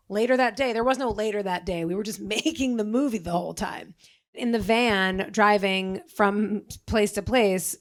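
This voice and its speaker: A middle-aged woman, an actress taking part in a live on-stage Q&A. She talks casually and tells quick jokes, with lots of "like". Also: medium pitch. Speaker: actress and guest.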